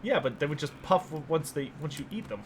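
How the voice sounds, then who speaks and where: A man playing an online game with friends, joking and animated in casual chat. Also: on the high side, brisk. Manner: animated, joking, laughs often. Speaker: co-op gamer. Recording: game noise behind. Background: game sound effects.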